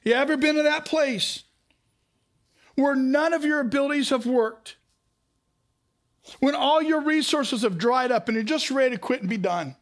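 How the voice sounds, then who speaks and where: High-voiced man preaching a sermon. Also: normal speed, pauses often. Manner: storytelling, direct questions to the listeners. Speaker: pastor.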